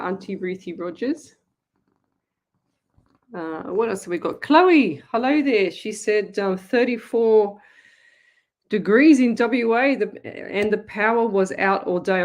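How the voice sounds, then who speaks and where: A woman's voice: mid-range voice, a little mellow. A middle-aged Australian woman, a psychic medium hosting a live stream, chatting casually, laughing easily and greeting viewers by name.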